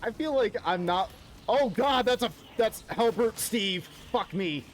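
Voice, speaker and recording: A man's voice: sits high, animated, unhurried, a little hiss or hum. A man streaming a video game, chatting casually, laughing often and cursing at the game under his breath. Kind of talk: casual chat while gaming.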